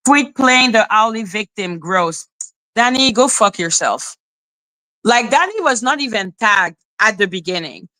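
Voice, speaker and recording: A woman's voice: medium pitch, expressive, a little slow, pushed and bright. A woman giving casual reaction commentary as a YouTuber, blunt and profane as she talks back at clips.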